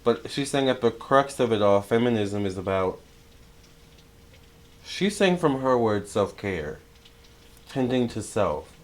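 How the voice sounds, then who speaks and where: A young man talks through a spiritual tarot reading in a loose, chatty way, full of fillers and restarts. His voice sits a little low and he turns excitable. He sounds like a casual online reader talking to his audience. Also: unhurried, long pauses. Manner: excitable, chatty, many fillers and self-corrections. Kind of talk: casual spiritual channeling talk.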